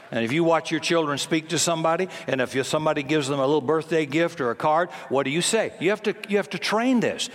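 A man's voice: a little high, expressive, a little fast, fairly bright tone, a faint crowd. A man in his seventies preaching a sermon in a folksy, emphatic way, often acting out the voices he quotes. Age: 70s. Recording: long hall reverb.

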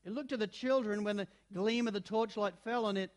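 Male storybook narrator, high-pitched, expressive and dramatic. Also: fairly quick. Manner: expressive, dramatic, shifting between loud and hushed. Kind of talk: storybook reading aloud.

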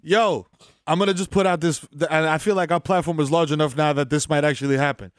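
A man's voice: on the high side, steady tone, fast talker, dry recording, studio quality. A man, co-hosting a podcast in casual chat and joking in crude street slang.

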